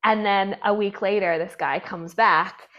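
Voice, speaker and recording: A woman's voice: medium pitch, fairly even intonation, a little slow, a bit bright, highs cut off. A woman hosting a podcast, telling stories in a chatty way with a lot of "like". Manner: chatty storyteller, filler "like". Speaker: podcast host. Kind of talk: casual podcast conversation.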